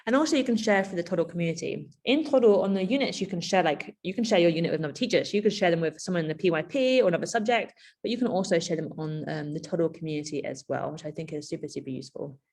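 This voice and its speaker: A woman giving a conversational keynote to teachers. She is chatty and animated, with frequent asides and fillers. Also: on the low side, rapid-fire, few pauses. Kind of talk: conversational presentation.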